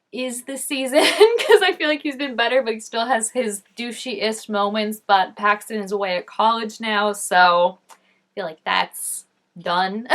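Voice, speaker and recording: Young woman vlogger, mid-pitched, talkative, expressive reactions, playful over-the-top outbursts. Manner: chatty and expressive, lots of fillers and laughs; mock-dramatic exclamations at the screen. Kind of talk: casual reaction commentary.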